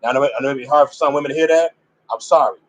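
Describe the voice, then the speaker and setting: A man teaching from scripture. He reads the passage aloud haltingly and stops often for informal asides and explanations. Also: medium pitch, poor audio. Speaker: Bible teacher. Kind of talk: scripture reading with commentary.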